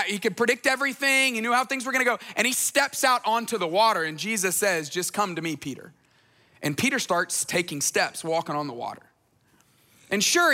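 High, bright-voiced preaching man. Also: long reverb tail. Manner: earnest, repeats phrases for emphasis, storytelling asides. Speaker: pastor. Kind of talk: conversational sermon.

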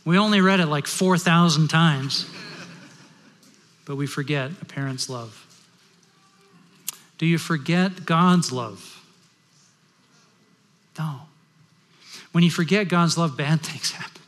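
A middle-aged man preaching a sermon as pastor, telling stories and moving between loud and hushed delivery. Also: a little high, slow pace, pauses often. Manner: storytelling, shifting from loud to hushed. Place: large worship hall. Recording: long hall reverb.

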